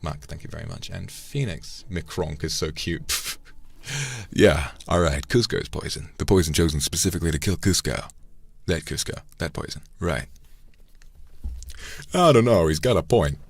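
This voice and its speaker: A man's voice: low voice, moderate pace, gravelly, pauses often, breathy edge, no echo. A man chatting casually on a live stream, reflecting aloud and thanking viewers by name between thoughts. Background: faint background music.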